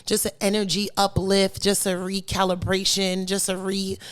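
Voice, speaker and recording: A woman co-hosting a podcast, telling stories in lively casual chat and acting out quotes. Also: medium pitch, moderate pace. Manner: animated storyteller, quotes people. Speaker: podcast co-host.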